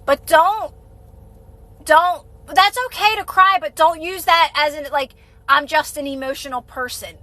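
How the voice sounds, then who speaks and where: A woman's voice: high voice, fairly even intonation, unhurried, sharp tone, no room sound, poor audio. A woman giving casual, repetitive, reassuring advice on a live stream and answering viewer comments as a manifestation coach.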